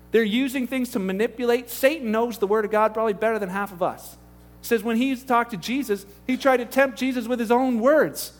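Male pastor, middle-aged, high voice, lively preaching, breaks into acted-out quotes. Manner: animated, conversational, acts out quoted voices. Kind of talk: sermon.

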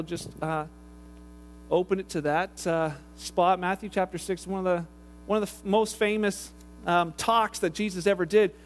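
Man in his thirties, high-pitched pastor, casual, animated sermon delivery. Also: a little hiss or hum. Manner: conversational, animated storytelling with acted quotes.

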